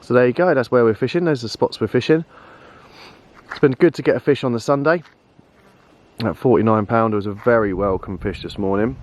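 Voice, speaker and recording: A man chatting casually to camera while fishing outdoors, relaxed and easygoing, calling his friend mate. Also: medium pitch, a little fast, long pauses. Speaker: vlogger and angler. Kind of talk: casual fishing vlog chat. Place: lakeside fishing swim outdoors.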